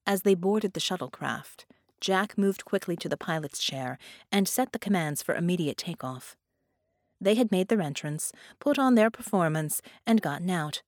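A woman reading a science-fiction story aloud as narrator, in a steady storytelling manner. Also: lowish voice, normal speed, no echo, clean studio sound. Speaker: audiobook narrator. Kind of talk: scripted narration.

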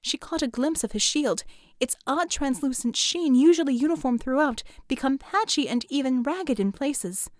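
A woman's voice: high voice, lively intonation, normal speed, no room sound, clean studio sound. Woman narrating an audiobook. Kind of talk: scripted narration.

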